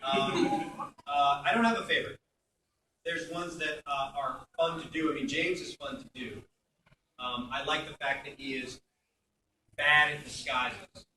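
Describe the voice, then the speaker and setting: Chatty Brooklyn-born voice actor. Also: male voice, a little high, unhurried, long pauses, recorded from a distance, slight background noise. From Brooklyn, New York. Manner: chatty and animated, jumps into character voices. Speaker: voice actor guest on a convention panel. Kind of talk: convention panel Q&A. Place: convention hall panel. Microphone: phone in the audience. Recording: echoey hall, phone mic from afar.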